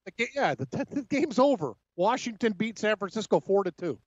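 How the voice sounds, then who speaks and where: A man's voice: high voice, sing-song, dry recording. Give me a casual male betting host, joking, with a dry, dull recording. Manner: quick, joking, teasing. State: feeling unwell. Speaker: sports betting show host. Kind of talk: casual sports betting talk.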